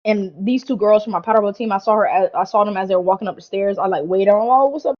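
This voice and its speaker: A young woman co-hosting a podcast, telling a party story in a casual, animated way, full of slang and swearing. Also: medium pitch, fast, muffled recording. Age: young adult. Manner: animated, slangy, heavy swearing, lots of "like" and "bro". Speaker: podcast co-host.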